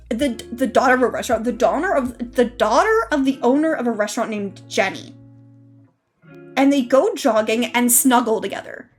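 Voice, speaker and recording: Excitable rambling woman streamer, high voice, lively swoops, faint music under it. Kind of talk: casual live-stream chat.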